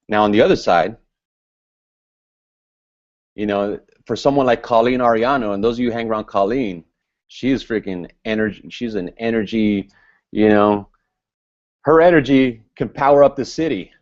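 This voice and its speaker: A man giving a motivational business training talk to a group, speaking loud and fired up. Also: lowish voice. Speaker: business seminar presenter. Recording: dull lo-fi recording.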